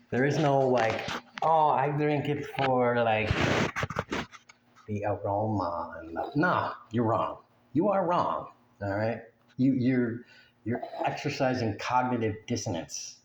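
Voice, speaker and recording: Slow, blunt, crude-talking man. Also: medium pitch, highs cut off. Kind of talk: profane rant to camera. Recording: echoey room with faint ambience.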